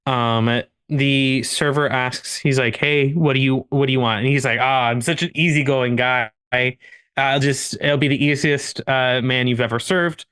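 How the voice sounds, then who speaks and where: A man's voice: medium pitch, fairly even intonation, measured pace, a bit bright, clean tone. A man co-hosting a podcast, telling a long anecdote casually among friends, full of restarts and laughter. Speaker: podcast co-host.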